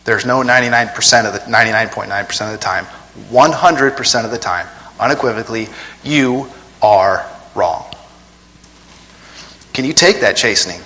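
Male preacher, conversational, rhetorical questions, forceful tone, long hall reverb. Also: mid-range voice, fast. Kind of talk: sermon.

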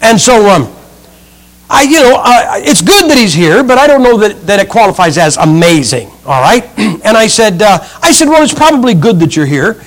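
High-voiced preacher telling funny stories. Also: male voice, big pitch swings, normal speed, low-quality recording. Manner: humorous storytelling, acts out quotes. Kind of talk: sermon.

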